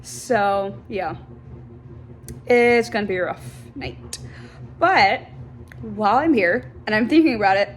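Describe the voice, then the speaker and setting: A woman's voice: mid-range voice, takes it slowly, pauses often, a little hiss or hum. A woman in her twenties, a teacher, chatting casually in a book vlog and reading a synopsis aloud. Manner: reads the synopsis aloud, then chats in an upbeat way. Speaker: high school teacher and book vlogger.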